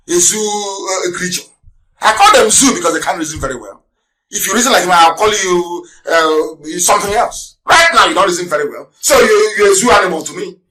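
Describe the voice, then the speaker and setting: A man with a high, bright, forceful voice delivers a live radio broadcast as a heated rant. He hammers listeners with rhetorical questions, scorns his opponents, and swings suddenly into shouting. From Nigeria. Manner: scornful, mocking. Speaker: broadcast host.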